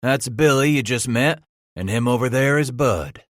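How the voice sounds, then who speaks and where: A man voicing a big, loud, swaggering frontier trapper leader in a gruff backwoods drawl, for an audiobook. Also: mid-range voice, moderate pace, no room sound, clean studio sound, voice pushed up, lightly acted. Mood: gruff bossy.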